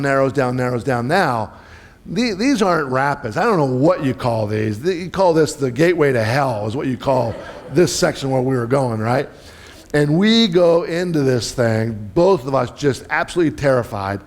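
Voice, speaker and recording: A middle-aged man preaching a sermon in a relaxed, conversational way, telling a personal story, repeating words and putting questions to the audience. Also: a little high. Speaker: pastor.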